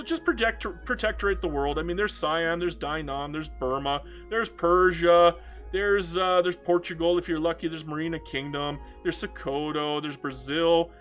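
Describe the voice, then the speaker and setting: Canadian guy ranting over his strategy game, high pitched, swears a lot, faint music behind. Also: a bit bright. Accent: Canadian English. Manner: ranting, swears freely, repeats words. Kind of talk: casual gameplay commentary.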